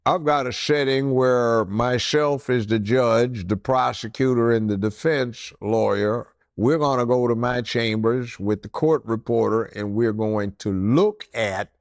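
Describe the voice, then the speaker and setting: An older man with a gravelly, creaky voice, a former judge spinning courtroom stories in an interview. He slips into the voices of the people he describes. The sound is dry and close. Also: mid-range voice, no echo. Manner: animated storyteller acting out other voices. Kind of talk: storytelling interview.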